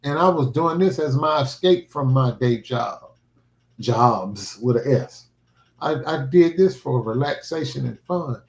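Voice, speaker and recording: A man's voice: on the high side, normal speed, creaky, few pauses. Earnest man in an echoey room. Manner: earnest, emphatic, preacherly. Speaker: livestreaming vlogger. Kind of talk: casual heartfelt livestream talk. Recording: roomy echo.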